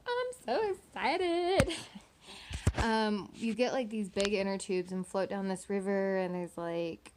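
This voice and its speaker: A woman's voice: medium pitch, level tone, a little slow, noisy background. An eighteen-year-old woman from Texas chatting casually into her phone camera at home at night, rambling with lots of "like" and "um". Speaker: vlogger. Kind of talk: casual storytelling vlog.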